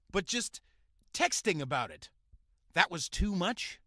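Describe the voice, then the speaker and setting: A man hosting a podcast, delivering a crude, profane rant that swings between mumbling and shouting. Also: sits high, big pitch swings, a little slow, long pauses, no echo, clean studio sound. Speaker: podcast host. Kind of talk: profane ranting monologue.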